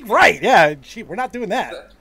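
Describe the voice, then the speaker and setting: A man's voice: sits high, very animated, measured pace, crowd noise. Brash, swearing male podcast host. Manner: brash, profane, teasing. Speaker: show host. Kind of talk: casual podcast banter.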